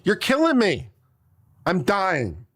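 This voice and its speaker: A man's voice: high voice, wildly swooping pitch, slow, a bit bright. A man, an attorney, reading out a legal brief and picking it apart with sarcastic, exasperated asides, coughing now and then. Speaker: attorney commentator.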